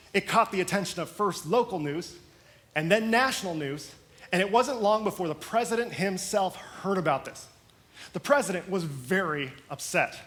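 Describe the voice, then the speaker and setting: A male pastor preaches in a storytelling style, leaning into dramatic pauses and shifting emphasis. His voice sits high for a man. The delivery is lively and expressive. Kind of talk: sermon storytelling.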